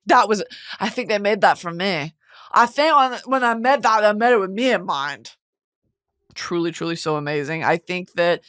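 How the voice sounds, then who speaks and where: A young woman hosting a casual chat show, animated and expressive, swearing freely. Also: medium pitch. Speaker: podcast host.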